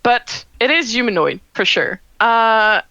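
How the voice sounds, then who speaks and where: Woman running a d&d game, lots of um and like, kinda high voice, dry sound. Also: animated, gravelly, bright, forceful tone, no echo, highs cut off. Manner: halting, many fillers, laughs often. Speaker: game master. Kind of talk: narrating a tabletop game.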